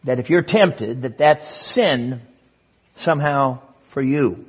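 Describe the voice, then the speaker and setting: A husky-voiced man preaching an emphatic sermon, dropping to hushed asides and then rising into loud proclamation. His voice has a mid-range pitch. The recording sounds dull and lo-fi. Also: slow pace.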